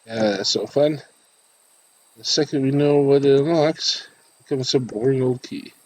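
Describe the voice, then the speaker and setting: A man's voice: medium pitch, normal speed, slight background noise, rough recording. A man playing a story game, reading every character's lines himself between his own comments. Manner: voices all the game characters himself, shifting between them. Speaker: game streamer. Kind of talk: reading game dialogue aloud while playing.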